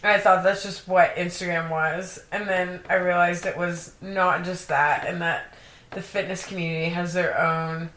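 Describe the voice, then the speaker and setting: A woman's voice: lowish voice, fairly even intonation, normal speed, a bit bright. A young woman co-hosting a casual chat, joking along and laughing often. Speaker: podcast co-host. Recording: echoey room.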